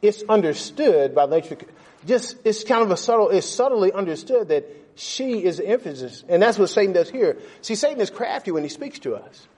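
A man's voice: sits high, sing-song, fairly quick, a little mellow, breathy edge. A middle-aged man teaching a Bible lesson in a plain, folksy way, repeating phrases for stress and putting questions to his class. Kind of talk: conversational sermon with class questions.

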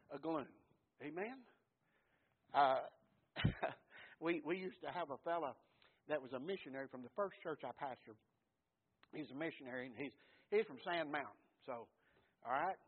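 A pastor preaching a fervent sermon, swinging from hushed words to shouting. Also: male voice, high-pitched, slightly rough. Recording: tinny phone-like sound.

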